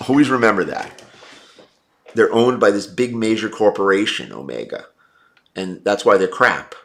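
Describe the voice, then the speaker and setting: A man's voice: on the low side, expressive, unhurried, gravelly, long pauses, fairly bright tone. A man hosting a livestream, reading viewer comments and giving blunt, opinionated takes. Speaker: livestream host.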